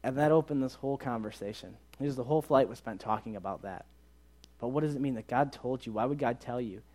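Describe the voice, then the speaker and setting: An animated young man tells a story from the pulpit, his voice at a middle pitch that is neither deep nor high. He slips in and out of the people in his story, acting out their lines as he goes, in the manner of a youth ministry preacher. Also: quick pace. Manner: animated, acts out quoted dialogue in the story. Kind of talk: sermon storytelling.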